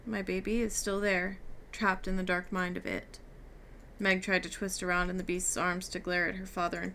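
A woman's voice: mid-range voice, fairly bright tone, a little hiss or hum. A woman reading a novel aloud, giving the characters' lines light shifts. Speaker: reader. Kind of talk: audiobook reading with character dialogue.

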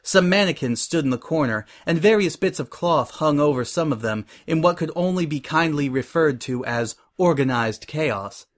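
A man narrating a fan-fiction story in a steady reading voice. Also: fairly high pitch, normal speed, hardly any pauses.

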